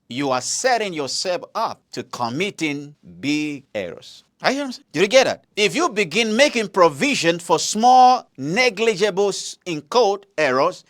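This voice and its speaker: A man with a Nigerian accent preaching a motivational sermon, often asking the listeners questions and swinging between loud and hushed delivery. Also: on the high side.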